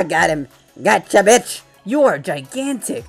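Excitable joking man, high voice. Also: moderate pace, soft background music. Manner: excitable, joking, swears often. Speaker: gaming channel host. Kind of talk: VR game commentary. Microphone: VR headset gameplay capture.

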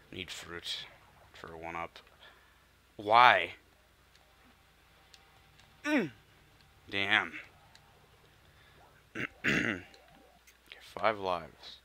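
A man's voice: fairly low pitch, bright, forceful tone. A young man commentating his gameplay, frustrated and swearing, often muttering under his breath. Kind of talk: let's play commentary.

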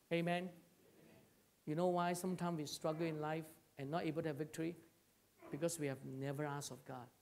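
A male pastor preaches slowly to a church congregation. His voice sits fairly high for a man. He rises loud, then sinks to a hush. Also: slight background noise. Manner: calls to the congregation. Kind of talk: sermon.

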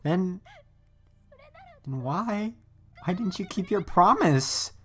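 A woman's voice: fairly low pitch, animated, slow. A fragile, hurt young half-elf girl. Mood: hurt pleading. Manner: hurt, pleading questions. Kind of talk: anime dub dialogue.

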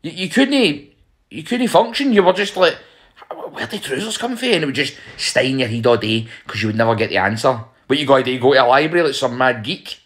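Young Scottish man, conversational comic monologue, rambling with sudden pitch leaps. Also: very animated, fairly quick, fairly bright tone. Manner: rambling, conversational, with wild pitch jumps for emphasis.

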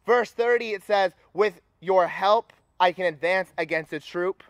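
High-voiced young man preaching. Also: normal speed, few pauses, no room sound. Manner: energetic, rallying the crowd. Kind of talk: sermon. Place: campus retreat gathering.

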